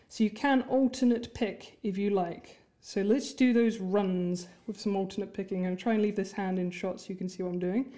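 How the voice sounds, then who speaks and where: A female music teacher gives an instrument lesson, friendly and encouraging, counting and chanting rhythm words while she plays. Her voice is mid-range with a dark tone, and she talks a little fast with few pauses. Music plays beneath her speech.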